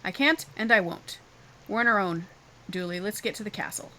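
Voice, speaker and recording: A woman's voice: medium pitch, normal speed, bright, forceful tone, a little hiss or hum, lightly acted, low-quality recording. A woman reading the lines of a blunt, stubborn old male boatman in a game. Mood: gruff.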